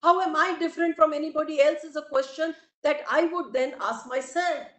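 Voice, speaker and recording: High-voiced Indian woman advocate, formal. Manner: formal, deliberate, addresses the bench repeatedly. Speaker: advocate arguing in court. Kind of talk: courtroom argument. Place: courtroom hearing. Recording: echoey courtroom audio.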